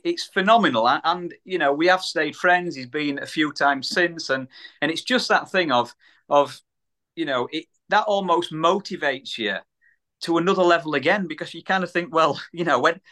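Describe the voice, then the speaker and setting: A man's voice: fairly high pitch, bright, forceful tone. A man from the UK, a small business owner, telling a story in a casual podcast chat, repeating words and acting out the voices of people he quotes.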